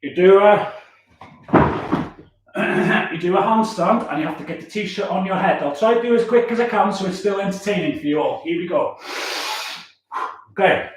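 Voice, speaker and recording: A man's voice: high-pitched, moderate pace, pauses often, reverberant. A man, a youth worker chatting casually and cheerfully on a livestream, laughing often. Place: room at home.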